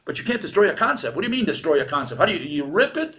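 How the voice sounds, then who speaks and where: A man's voice: a little high, sing-song, very fast, fairly bright tone. A man with a Latin American Spanish accent giving an informal lecture, sardonic and argumentative, firing off rhetorical questions and mocking the people he quotes.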